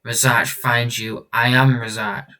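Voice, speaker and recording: A man's voice: mid-range voice, little pitch movement, a little slow, bright, forceful tone, distant mic. A man reading out a terse masked male vigilante who talks in clipped, broken sentences with dropped words. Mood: flat.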